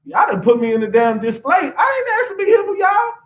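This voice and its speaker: An indignant male gorilla, put on by a man, shouts and pleads about being stuck on display. The voice is high-pitched and swings wildly. It sounds like it was recorded from a distance. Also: sing-song, brisk, roomy sound, heavily acted.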